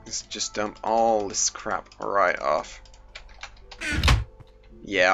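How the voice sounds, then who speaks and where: Playing Minecraft for his YouTube channel, a British teen rambles, jokes and puts on silly voices while sweating in the heat. His fairly low voice sounds pushed and bright, and the muffled home recording has faint music behind it.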